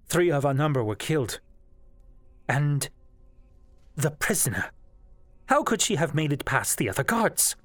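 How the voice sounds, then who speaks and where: A man's voice: a little high, a little slow, long pauses, no echo, faint music behind, natural voice. A man voicing a nervous male underling reporting bad news to his master in a raised, anxious voice.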